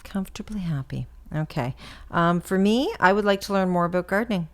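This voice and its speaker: Low-voiced mother, casual chat. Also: animated, brisk. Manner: enthusiastic, encouraging. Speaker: co-host, mother.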